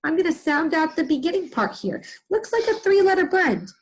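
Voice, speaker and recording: A woman teacher giving a reading lesson to young children, sounding out words slowly in chunks and asking the listener questions. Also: very high-pitched, very animated, rough recording. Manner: slow, sing-song, exaggerated sounding out of words; asks the listener questions and answers them.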